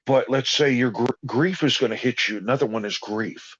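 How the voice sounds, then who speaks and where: A man's voice: medium pitch, normal speed, fairly bright tone. A man talking in a rambling, folksy, informal way in a casual conversation about healing and balance. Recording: dull lo-fi sound.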